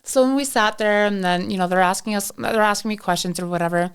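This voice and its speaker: Speaking fast in a smooth, medium-pitched voice, this young woman from Canada is a podcast guest spinning a long, chatty story. She plays both sides of it and peppers it with "like."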